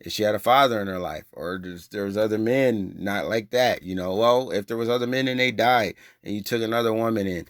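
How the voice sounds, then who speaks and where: A man's voice: fairly quick, few pauses, no room sound. A man preaching a heated, profane rant, scolding his listeners in a confrontational way. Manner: gets louder and higher when agitated. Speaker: online religious preacher.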